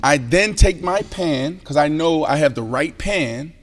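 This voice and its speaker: Animated former football player man, higher voice. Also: unhurried, long reverb tail. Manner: animated storyteller, emphatic, drops into a hushed voice to tell a story. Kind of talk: casual sports talk show chat.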